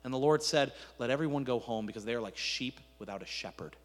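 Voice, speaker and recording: A preacher voicing a solemn, stubborn prophet. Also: male voice, medium pitch, expressive, fast talker, voice pushed down, natural voice. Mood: grave. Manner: solemn, earnest. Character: stubborn honest male prophet, grave. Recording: echoey hall reverb.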